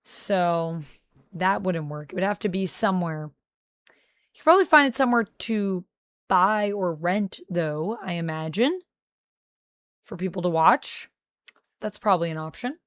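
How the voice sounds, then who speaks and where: A young woman streaming from home, chatting casually with her viewers and thinking out loud into a close mic. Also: on the low side, animated, measured pace, pauses often, dry recording. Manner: chatty, talks to chat, thinks aloud. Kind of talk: casual livestream chat.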